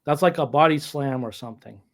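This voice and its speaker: A man contributing to a casual wrestling discussion, reasoning through the evidence in a deliberate way. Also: on the high side.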